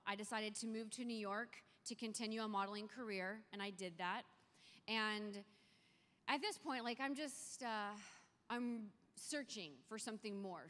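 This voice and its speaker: A young woman gives an earnest faith talk to young people, telling her own story with lively energy. Her voice sits at an ordinary middle pitch, and a long reverb trails each phrase through the big hall. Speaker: conference speaker. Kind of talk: faith talk to a youth audience. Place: large conference hall.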